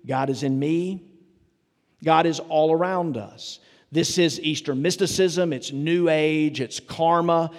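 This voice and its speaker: A pastor with a fairly high-pitched male voice preaches a sermon in a chatty, storytelling way, turning often to his listeners with asides. His voice rings out through a big church sanctuary, with a long echo trailing behind it. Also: slow, a little mellow. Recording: long reverb of a large hall.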